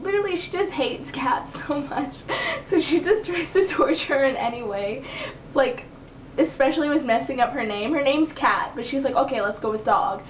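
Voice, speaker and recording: A woman's voice: high voice, normal speed. A young woman recapping her web series in a casual, chatty vlog, acting out the characters' lines as she goes. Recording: echoey room, dull lo-fi sound, faint hiss.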